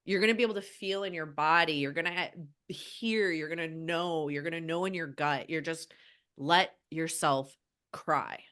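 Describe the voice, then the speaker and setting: A heartfelt woman with a somewhat low voice speaks as an animal healer on a podcast. She is earnest and gentle. She often breaks off and restarts her sentences as she talks. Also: moderate pace. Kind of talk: casual podcast conversation.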